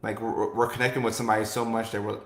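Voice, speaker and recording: This talk-show host speaks very fast, his fairly low voice carrying a level, rather bright tone. He rambles casually through viewer questions, peppering his speech with "like" and "you know" and often starting over. The recording sounds echoey.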